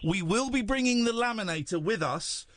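A man's voice: high voice, lively intonation, normal speed, a bit bright, dry recording. A man hosting a late-night radio phone-in, teasing callers and rambling jokily. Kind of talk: late-night call-in banter.

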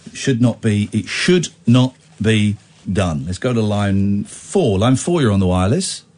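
A male radio presenter running a phone-in, sarcastic and teasing, swinging between mock outrage and deadpan. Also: on the low side, a little slow. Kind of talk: late-night radio phone-in.

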